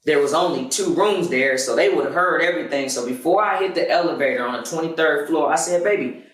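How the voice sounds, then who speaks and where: Guy on his podcast telling a raw story, loud and cussing, mic kinda far off in an echoey room. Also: a little high, fast talker. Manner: emphatic, profane, loud storyteller. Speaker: podcast host. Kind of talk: confessional storytelling monologue. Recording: roomy, distant mic.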